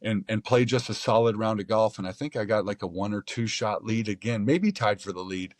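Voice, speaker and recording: Low-voiced American man telling a story. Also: a little fast, dry recording. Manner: rambling, animated retelling with restarts and quoted inner speech. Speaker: pro golfer guest. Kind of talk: casual storytelling in an interview.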